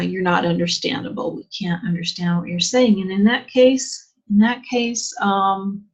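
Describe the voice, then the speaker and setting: A woman teacher giving a chatty English exam lesson, asking rhetorical questions and using plenty of fillers. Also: on the low side. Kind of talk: online lesson. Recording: dull lo-fi sound.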